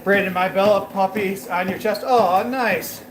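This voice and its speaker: Chatty high-voiced man on a treadmill. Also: fairly even intonation, a little slow, echoey room, noisy background. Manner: loose and rambling, many fillers. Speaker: fitness livestreamer. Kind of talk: casual chat while working out, talking to viewers.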